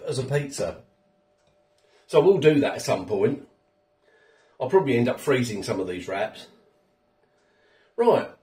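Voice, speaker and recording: A man's voice: mid-range voice, warm tone, roomy sound, far from the mic. A man with a chatty, rambling manner, reviewing food on his home vlog while he eats. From England. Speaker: food vlogger. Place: home kitchen.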